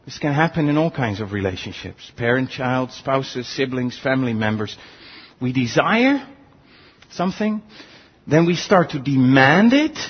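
A man's voice: measured pace, breathy edge, lo-fi sound. A male pastor preaching a sermon, earnest and full of rhetorical questions. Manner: earnest, rhetorical questions, animated swings in pitch.

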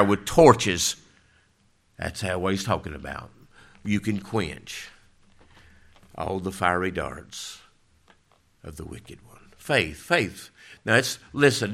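A male pastor preaching a sermon, emphatic, swinging from loud declarations to low, quiet lines. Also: vocal fry.

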